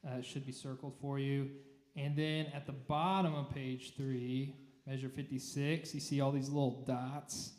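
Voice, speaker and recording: Unhurried and flat, a mid-range male voice with a darkish tone gives rehearsal instruction as choir director, explaining notes and singing short phrases as examples. The church room recording is echoey.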